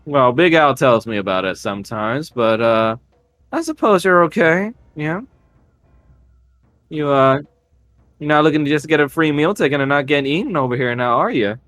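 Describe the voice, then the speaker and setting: A man's voice: a little high, animated, normal speed, a bit bright, no echo, pitched above the performer's own voice. A man voicing a sly, coaxing older woman of the bayou who sniffs at strangers and eats people. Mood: sizing up.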